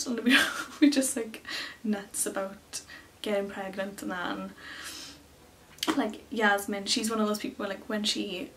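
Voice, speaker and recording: A young woman, rambling excitedly in a casual story to camera, full of fillers. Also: medium pitch, unhurried, far from the mic, slight background noise. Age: early 20s. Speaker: beauty vlogger.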